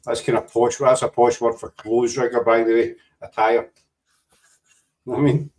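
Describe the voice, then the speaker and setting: A man's voice: mid-range voice, little pitch movement, moderate pace, a little mellow. A Scottish man hosting a casual live panel chat, rambling and teasing his guests. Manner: jokey, rambling, teasing banter. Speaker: show host. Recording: distant from the mic.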